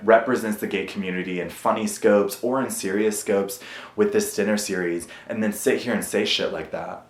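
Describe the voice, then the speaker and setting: At home, a vlogger speaks directly to his camera in a frank, confessional monologue, earnest and self-critical, swearing frequently. His slightly low voice carries a noticeable echo from the room.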